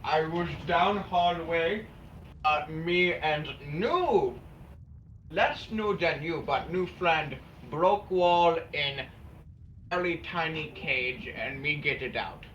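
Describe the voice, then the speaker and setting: A man's voice: on the high side, animated, slow, fairly bright tone, a little hiss or hum. A man voicing a childlike, simple-minded male giant who speaks in broken grammar. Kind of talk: in-character tabletop role-play. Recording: dull lo-fi stream audio.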